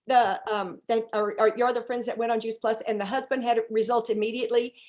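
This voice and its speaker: A woman's voice: on the high side, fairly even intonation, quick pace, darkish tone. Encouraging woman on a video call. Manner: encouraging, prompts the host with questions. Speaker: co-host. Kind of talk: casual chat.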